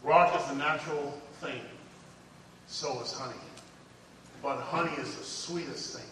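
A man preaching a sermon, dropping to hushed storytelling and rising to fervent exhortation. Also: medium pitch, a little hiss or hum. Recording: echoey hall, distant mic.

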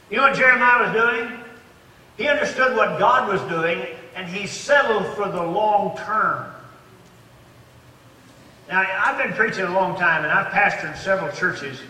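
A man's voice: high voice, normal speed, sharp tone. A man in his eighties preaching a sermon as a pastor, stressing points with rising emphasis and frequent restarts. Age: 80s. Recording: echoey hall, voice from far off.

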